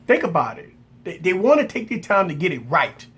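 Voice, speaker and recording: A man hosting a casual tech livestream, preaching his point with lots of repetition and mock shouted reactions, greeting viewers by name. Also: high-pitched, very animated, fairly quick. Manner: repeats phrases for emphasis, greets viewers by name. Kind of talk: casual live chat.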